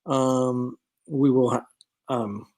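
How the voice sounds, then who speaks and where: A man hosts a casual live stream from a studio set. He rambles between topics with plenty of ums and uhs, reading out viewer comments and answering them as he goes. His voice sits at an ordinary middle pitch. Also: fairly even intonation, drawn-out words, darkish tone. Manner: rambling, many fillers, reads viewer comments aloud. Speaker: producer hosting a live stream. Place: studio set of a starship bridge.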